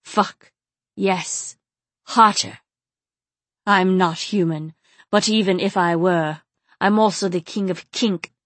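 Woman voicing a husky dominant inhuman king. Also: on the low side, steady tone, takes it slowly, pauses often, fairly bright tone, no echo. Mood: heated, commanding. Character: dominant nonhuman male lover, a king.

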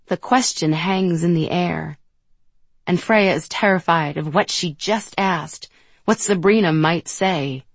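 Slow, low-voiced woman audiobook narrator. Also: slightly rough, no room sound. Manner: measured, gentle storytelling. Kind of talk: scripted narration.

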